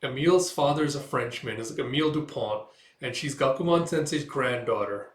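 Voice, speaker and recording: A man's voice: mid-range voice, normal speed. A young man giving a casual manga chapter read-through and commentary, rambling and filling his talk with "like" and "you know". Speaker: manga reviewer. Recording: echoey room.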